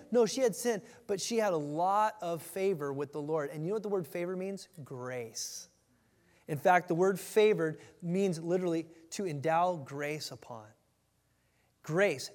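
A male pastor preaching a conversational sermon, animated at times and dropping to a hush for emphasis. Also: high voice, big-room sound.

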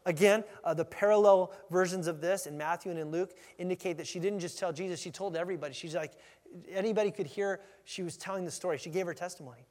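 High-voiced man preaching in a reverberant hall. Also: fast. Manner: animated, conversational, acts out the scene. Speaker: pastor. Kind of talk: expository sermon.

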